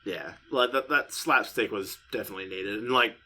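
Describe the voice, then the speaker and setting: Bright-voiced young man, podcast co-host. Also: on the low side, moderate pace. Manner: swears freely, rambling and animated. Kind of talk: casual podcast chat.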